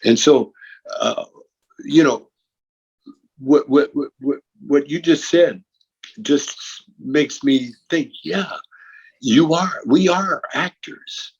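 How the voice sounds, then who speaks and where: A man with a gravelly, breathy voice talks as an interview guest. He rambles reflectively, circling back over his words. The audio is muffled and lo-fi. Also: fairly high pitch, takes it slowly, pauses often. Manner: rambling and reflective, repeats words as he gathers thoughts. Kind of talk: casual conversation.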